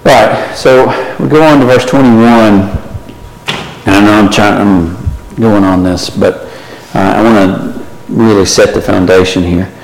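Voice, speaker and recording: Heard from far off in an echoey hall, a man with a lowish voice teaches a Bible study at a measured pace. He's conversational, keeps asking the class questions and often adds "right?" to check in.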